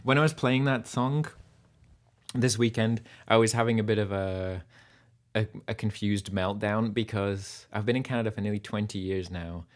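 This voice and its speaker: A man with a Lancashire English accent softened by North American sounds, chatting casually and rambling between songs as a livestream musician host. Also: on the low side, steady tone, moderate pace. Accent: Lancashire English, partly North American. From Burnley, England. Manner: rambling and chatty, with many fillers.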